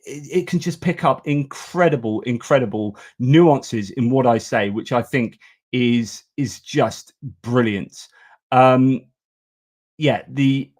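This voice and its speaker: A man's voice: mid-range voice, unhurried, darkish tone. A man hosting a live news stream, talking casually and with strong opinions, with many fillers and restarts.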